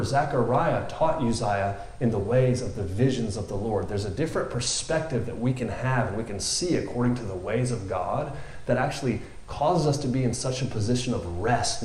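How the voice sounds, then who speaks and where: A man's voice: mid-range voice, a little mellow, slight background noise. Male preacher, casual rambling delivery, echoey room. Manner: rambling and conversational, lots of fillers. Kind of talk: informal sermon.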